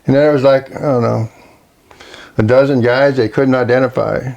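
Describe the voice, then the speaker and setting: An older man with a Kentucky accent, a Navy veteran telling his story in a slow, plainspoken, halting way during an oral history interview. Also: mid-range voice, steady tone, creaky, darkish tone, dull audio.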